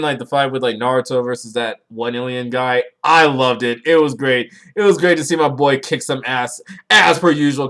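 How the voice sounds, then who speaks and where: A young man hosting a podcast, rambling casually and swearing a lot, with his voice jumping up when he gets excited. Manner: rambling, profane, excitable, pitch jumps when worked up. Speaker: podcast host. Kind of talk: casual solo chat about anime.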